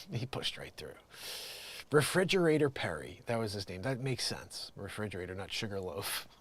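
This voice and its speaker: A man's voice: lowish voice, big pitch swings, normal speed, slightly rough. A man hosting an improvised comedy show, reading the news and breaking off into jokey, rambling asides.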